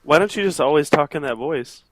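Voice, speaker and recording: Deadpan young man rambling through a tabletop game. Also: fairly high pitch, fairly quick, rough recording. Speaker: player. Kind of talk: casual tabletop game chat.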